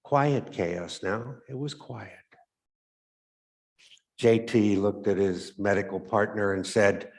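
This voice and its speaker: Low-voiced man telling a story, measured. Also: steady tone. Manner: measured, reflective, trailing off softly at phrase ends. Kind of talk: story read aloud for Advent.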